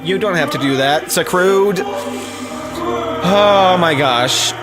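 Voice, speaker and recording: A man's voice: high voice, slow pace, over music. A man streaming live, chatting casually to his viewers in a rambling, heartfelt way with many fillers and restarts.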